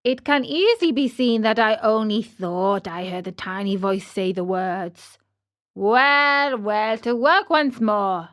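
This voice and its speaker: A woman's voice: medium pitch, slow pace, a bit bright. A woman voicing an old male carpenter who mumbles to himself and gets nervous and frightened, in a storybook reading. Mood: dismissive.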